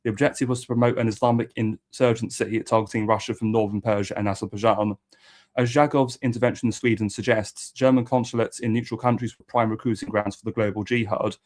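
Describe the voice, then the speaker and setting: A man's voice: fairly low pitch, fairly even intonation, quick pace. A man reading a history book aloud as host and adding occasional asides.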